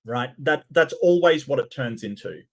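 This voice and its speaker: Sarcastic man with a lively voice. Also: mid-range voice, moderate pace. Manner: sarcastic, incredulous. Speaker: commentary host. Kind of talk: mocking commentary on clips.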